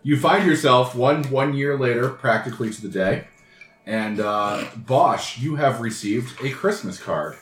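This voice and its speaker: A man narrating a tabletop game as game master, chuckling often and pausing on fillers. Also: medium pitch, fairly bright tone, roomy sound. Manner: chuckling, hesitant with many fillers.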